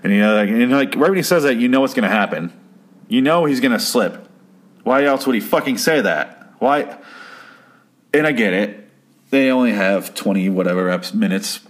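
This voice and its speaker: A man's voice: mid-range voice, animated, normal speed. A man casually recapping and nitpicking a TV episode, swearing and joking sarcastically as he goes. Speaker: commentator reviewing a TV episode. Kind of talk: casual chat.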